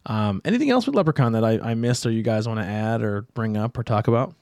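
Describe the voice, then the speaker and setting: A man's voice: fairly low pitch, expressive, quick pace, darkish tone, dry recording, clean studio sound. Laid-back American man hosting a podcast. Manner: loose and laid-back, swears casually. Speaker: podcast host. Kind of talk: casual podcast chat.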